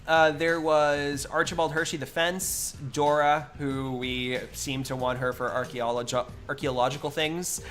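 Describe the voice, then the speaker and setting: Game master, relaxed and joking, runs the table. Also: mid-range voice, a little slow, few pauses, faint music behind. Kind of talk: running a tabletop role-playing game.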